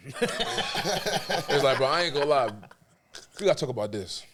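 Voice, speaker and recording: A young man from New York, a podcast guest, telling his story in casual, animated talk and acting out the dialogue. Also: a little high, a little slow, noisy background. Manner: animated, tells stories with acted-out dialogue.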